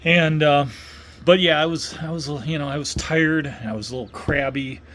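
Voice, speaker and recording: A man's voice: fairly high pitch, steady tone, moderate pace, a bit bright, slight background noise. A middle-aged man from Wisconsin telling a casual story in a rambling way, full of fillers and restarts. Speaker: vlogger.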